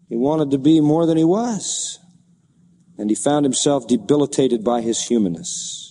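A man preaches in a somewhat high, mellow voice, teaching through scripture and swelling into fervent readings. His words ring with a long hall reverb. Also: moderate pace. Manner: expository preaching, rising to impassioned reading of scripture. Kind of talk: sermon.

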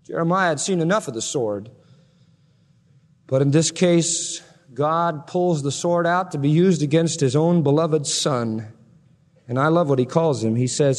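A man preaching a sermon in a fairly high voice, and his words ring out with a long reverb. He swings dramatically between loud proclamation and hushed, quiet emphasis as he explains scripture. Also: expressive, moderate pace. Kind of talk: expository sermon.

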